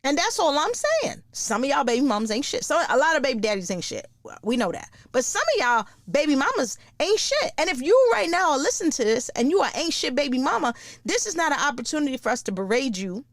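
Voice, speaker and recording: A woman, hosting a podcast in a blunt, profane, animated casual monologue. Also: high-pitched, fairly quick, no echo. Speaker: podcast host.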